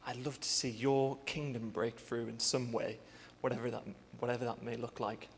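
Young guy, gravelly voice, hesitant testimony, echoey hall, faint hum. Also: medium pitch, flat delivery, normal speed. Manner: earnest, hesitant, with many fillers. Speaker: church intern sharing a testimony. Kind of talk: personal testimony.

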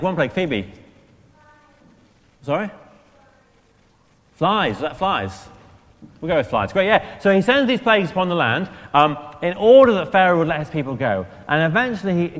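A man preaching an all-age church sermon, chatty and lively, asking the children questions. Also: fairly high pitch. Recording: long church reverb.

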